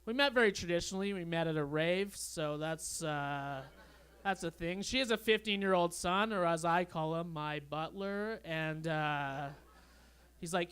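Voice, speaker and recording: High, smooth-voiced young comedian. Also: male voice, a little slow. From Canada. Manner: deadpan, awkward storytelling. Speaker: stand-up comedian. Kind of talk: stand-up comedy set. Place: comedy club stage.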